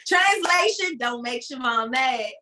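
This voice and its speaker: A chatty woman co-hosting a podcast, teasing as she talks. Her voice is very high and sharp-edged. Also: expressive, unhurried. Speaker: podcast co-host. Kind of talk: casual chat.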